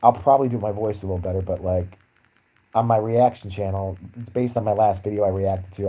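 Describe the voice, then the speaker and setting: A man's voice: fairly low pitch, steady tone, a little fast, mellow, rough recording. A young man ranting in a crude, sarcastic, profane way as a podcast host. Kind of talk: crude comedic rant.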